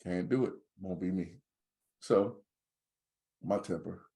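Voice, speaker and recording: A man's voice: low voice, takes it slowly, vocal fry. A man co-hosting a podcast, in casual joking banter. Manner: joking, animated storyteller. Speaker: podcast co-host.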